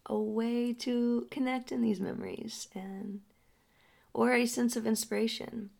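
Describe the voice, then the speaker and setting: A young adult woman speaking slowly and softly as a healing guide, often sinking into a breathy half-whisper. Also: mid-range voice. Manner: slow, soft and drawn out, often dropping into a breathy half-whisper. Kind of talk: reflective spoken storytelling.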